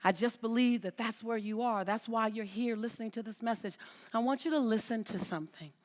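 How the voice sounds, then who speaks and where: A woman's voice: on the high side, fairly quick. A woman giving an inspirational talk on stage before a live audience, speaking emphatically, repeating her phrases and calling out to the crowd. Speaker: motivational speaker.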